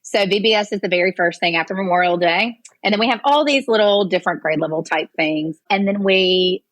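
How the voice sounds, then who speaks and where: A woman's voice: mid-range voice, a little fast, a bit bright, no echo. A woman who leads a children's ministry, chatting upbeat and enthusiastic as a podcast guest. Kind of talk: casual chat.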